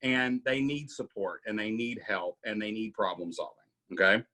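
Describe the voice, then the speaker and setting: A man's voice: lowish voice, moderate pace, pushed and bright. A middle-aged man hosting a casual coaching Q&A, emphatic and often asking "right?". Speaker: podcast host coaching members.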